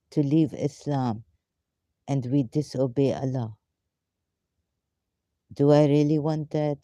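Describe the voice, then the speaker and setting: A woman hosting a casual live question-and-answer session, talking in halting, rambling, broken English with frequent fillers, and sometimes talking to herself. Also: a bass voice, mellow, no echo. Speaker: live Q&A host.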